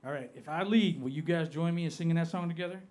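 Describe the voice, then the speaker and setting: Onstage at a comedy club, an Appalachian man with a regional American accent runs through his stand-up set, stretching out each punchline in deadpan style. His pitch is fairly high and he talks fast. He comes from Appalachia, United States.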